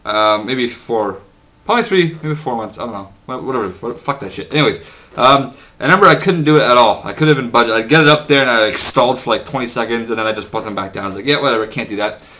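A man's voice: medium pitch, animated, sharp tone. A young man rambling and swearing as he chats casually over his gameplay. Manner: rambling, crude and profane, swears often; says he is talking fast because he is hungry. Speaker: gaming vlogger.

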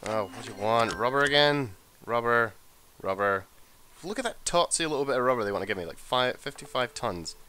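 A man giving casual, sweary gameplay commentary as a let's play host, excitable and muttering to himself as he plays. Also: mid-range voice, fairly quick, slight background noise.

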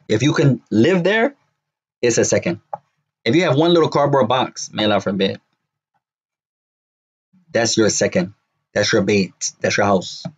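A man teaching an Arabic lesson, repeating words slowly and drilling phrases to his students. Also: fairly low pitch, breathy edge, lo-fi sound. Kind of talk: classroom lesson.

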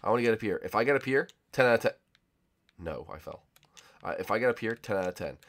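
Animated young man gaming on camera. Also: on the low side, quick pace. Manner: excitable, shifts between loud shouts and muttering. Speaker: gaming YouTuber. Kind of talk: casual let's-play commentary.

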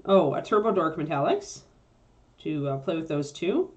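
Low-voiced woman chatting through a painting tutorial. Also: animated, normal speed, darkish tone, lo-fi sound. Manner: chatty, thinks aloud with fillers while working. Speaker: miniature painting instructor.

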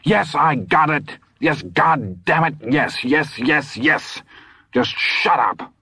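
A man's voice: low-pitched, expressive, normal speed, slightly rough, dry recording, clean studio sound. Give me a man playing a panicked teenage boy. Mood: frantic. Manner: frantic, strained.

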